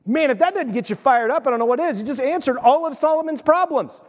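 Emphatic preacher, high voice. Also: male voice, expressive, fast talker, big-room sound. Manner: emphatic, asks the crowd questions. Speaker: pastor. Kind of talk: sermon.

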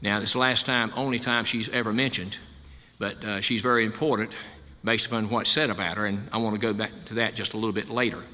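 Pastor, male, conversational sermon delivery, bright forceful tone, reverberant church hall. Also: fairly low pitch, fairly even intonation, quick pace. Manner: folksy, conversational preaching.

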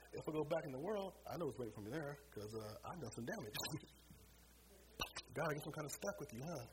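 A man's voice: a little high, expressive, quick pace, background noise. A middle-aged man preaching a sermon, telling a personal testimony with strong emotion. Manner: emotional, rising to pleading cries.

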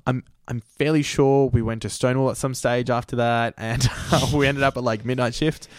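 A man's voice: mid-range voice, fairly even intonation, moderate pace, dry recording, clean studio sound. A man from Argentina, in his thirties, telling a rambling, self-deprecating story in casual chat as a guest, laughing often. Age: 30s.

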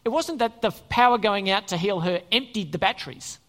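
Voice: medium pitch, animated, brisk, fairly bright tone. A preacher giving a conversational sermon and often asking the congregation questions. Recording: long reverb in a church hall.

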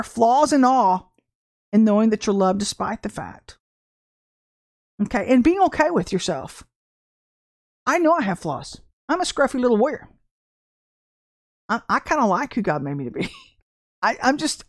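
A middle-aged woman giving an informal testimony sermon on a livestream, animated and storytelling, with laughter and acted-out quotes. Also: high voice, no echo, clean studio sound. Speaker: livestream minister.

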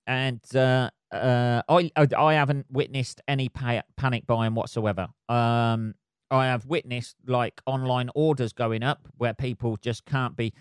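Male podcast host, solo and rambling, sweary and self-mocking, smooth clean voice, very dry sound. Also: medium pitch, dry recording. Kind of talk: casual solo monologue. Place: flat at home below noisy neighbours.

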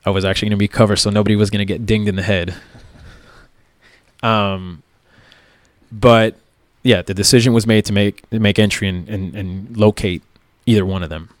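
A man's voice: lowish voice, fairly even intonation, moderate pace, no echo. A police tactical officer, a man, recounting events in a plain-spoken, casual way with lots of "like" and "right?". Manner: plain-spoken, many fillers like "like" and "right?", occasional swearing.

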